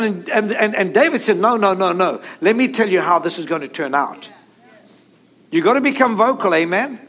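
A man with a high voice preaches with driving emphasis. He repeats key phrases and calls on his listeners to say them back to him. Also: a bit bright. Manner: emphatic, repetitive preaching with call-and-response. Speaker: pastor. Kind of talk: sermon.

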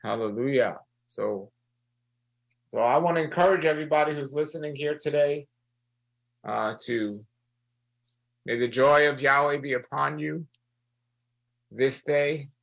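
A man leading a prayer session and preaching to listeners, earnest, repeating phrases and slowing down to stress them. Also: fairly high pitch, vocal fry, fairly bright tone, rough recording. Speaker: prayer leader. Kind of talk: sermon-style prayer broadcast.

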